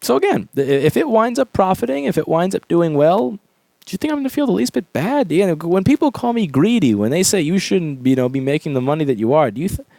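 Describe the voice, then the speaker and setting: Profane, ranting man, lively pitch. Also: a little fast, vocal fry, no echo. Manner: emphatic, profane, repetitive. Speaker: repair shop owner and YouTuber. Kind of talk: ranting vlog monologue.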